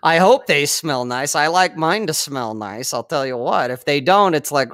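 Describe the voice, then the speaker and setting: Podcast co-host, man, higher-pitched, rambling and profane, dry close sound. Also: lively intonation, moderate pace, few pauses, a bit bright, no echo. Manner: swears freely, rambling, laughs often. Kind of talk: casual chat.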